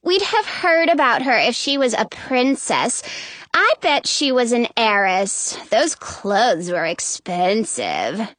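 A woman's voice: a little high, very animated, slow pace, fairly bright tone, no echo, full character voice. A woman reading aloud, voicing a haughty young stepsister who sounds dismissive. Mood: snooty.

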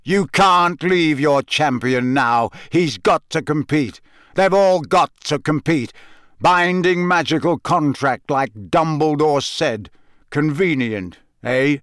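A gruff old wizard with a growl in his voice, as a man puts him on, loud, slow and weighty. He lets each line drop heavily, with blunt menace. Dry, close storybook sound. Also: fairly high pitch, no room sound.

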